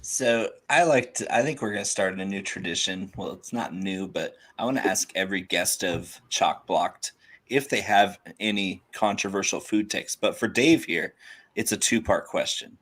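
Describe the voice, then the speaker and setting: A man co-hosting a casual sports podcast who teases the others with dry, deadpan jokes. His voice is somewhat low. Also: normal speed. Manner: joking, deadpan teasing. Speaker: podcast co-host.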